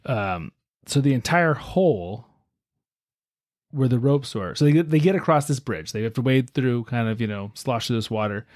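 A man hosting a podcast, telling a story in a relaxed, chatty way with lots of fillers. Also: medium pitch, moderate pace, no echo, clean studio sound. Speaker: podcast host. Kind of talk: casual storytelling chat.

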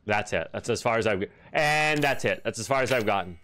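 Brisk and animated, this streamer has a lowish, slightly bright voice as he plays a horror game. Into his desk mic, he cracks profane jokes and chats casually with viewers about the gameplay.

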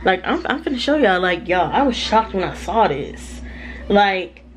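Southern us lady chatting to her viewers on a phone cam, excitable, lots of likes, mid pitch. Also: a little slow, a little hiss or hum. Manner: animated, addresses viewers as y'all, lots of likes. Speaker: vlogger. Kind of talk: casual chatty vlog.

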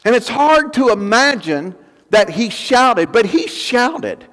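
A man's voice: extremely high pitch, big pitch swings, slow, a bit bright. A male pastor preaching a fervent sermon, building emphasis through repeated phrases. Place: church sanctuary. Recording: long church hall reverb.

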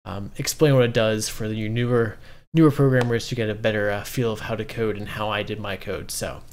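Relaxed man thinking aloud while coding. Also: lowish voice, brisk, a little hiss or hum. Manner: relaxed, many ums and uhs, thinks aloud. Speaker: coding streamer. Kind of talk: casual coding walkthrough.

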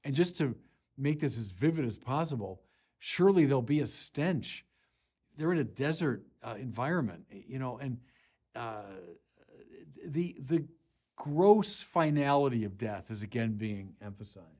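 A man, a bishop, preaching a Sunday sermon in earnest, deliberate phrases with pauses, rising in force when he quotes scripture. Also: medium pitch, lively intonation, darkish tone. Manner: slow, deliberate delivery with pauses.

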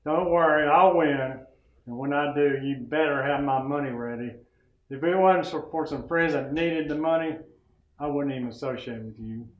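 A man's voice: fairly high pitch, moderate pace, echoey room, highs cut off, natural voice. A man playing a plain-spoken cowboy sharpshooting champion. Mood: firm.

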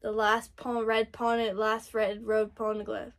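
A woman's voice: fairly high pitch, completely flat delivery, unhurried. A young woman reacting to an anime episode, gushing and exclaiming often, squealing when she is moved. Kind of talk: excited anime reaction commentary.

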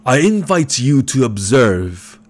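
Reading an audiobook very animatedly and at a slow pace, a man voices a fat, scheming older baron. He gives the character a rumbling bass voice and a gloating, impatient manner.

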